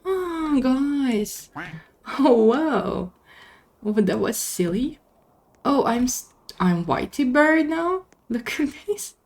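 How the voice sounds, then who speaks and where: A young woman with a non-native English accent hosting her gaming channel, giving casual gameplay commentary and squealing excitedly when things go wrong. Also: sits high, slow pace. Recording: music playing behind the voice.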